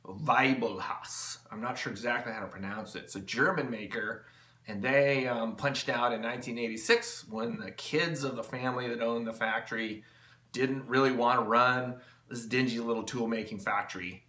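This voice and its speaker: A man's voice: medium pitch, steady tone, moderate pace, bright, forceful tone, echoey room. A man hosting his own channel, talking in a rambling, enthusiastic way with lots of fillers and restarts, from his home workshop. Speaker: channel host. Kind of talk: rambling casual vlog talk.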